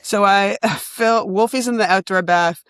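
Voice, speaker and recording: Woman, podcast co-host, animated comic storytelling, frequent laughs, mid-pitched voice, dry close mic. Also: unhurried, clean tone, dry recording. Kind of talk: casual comedic chat.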